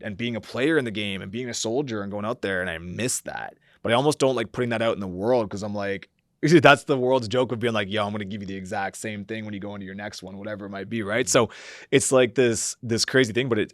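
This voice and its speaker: In a reflective, conversational podcast interview, a company founder speaks at length as a guest, using lots of fillers and performing his own quoted thoughts. His voice is on the low side, captured in a dry, studio-quality recording.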